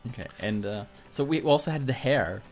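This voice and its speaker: A man co-hosting a podcast in casual chat, hesitant, often pausing and restarting. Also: medium pitch, lively intonation, faint music behind. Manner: hesitant, many fillers and restarts. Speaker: podcast co-host.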